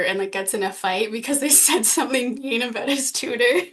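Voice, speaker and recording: A woman's voice: fairly high pitch, fairly even intonation, brisk, few pauses, a bit bright. A woman co-hosting a podcast, talking casually and filling her speech with likes and laughs. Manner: chatty, many "like" fillers, laughs often. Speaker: podcast co-host. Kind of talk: casual chat.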